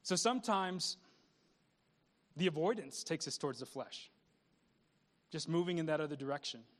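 A man's voice: fairly high pitch, animated, normal speed. A man pastor preaching a conversational sermon, repeating words and asking the congregation questions.

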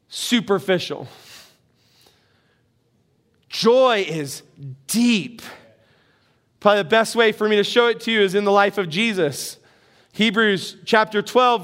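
A middle-aged man delivers a sermon in a very high voice. He keeps it conversational, putting questions to the congregation and teasing himself along the way. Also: fairly bright tone, clean tone. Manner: conversational, asks the congregation questions, self-deprecating humor. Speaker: pastor.

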